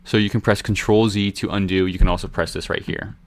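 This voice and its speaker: A young man walking beginners through music software in a casual, rambling way, joking about himself as he goes. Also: lowish voice, brisk. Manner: relaxed, rambling, self-deprecating. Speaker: music software tutorial host. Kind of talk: casual screen-recorded tutorial. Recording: faint music from the software behind. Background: faint music track.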